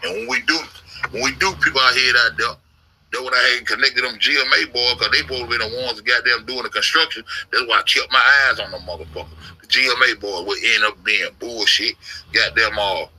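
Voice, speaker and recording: A man's voice: mid-range voice, steady tone, a little fast, pushed and bright, slightly rough, poor audio. A man telling a rambling, profane story in a casual livestream, repeating himself and swearing heavily. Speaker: livestreamer recounting an online investigation.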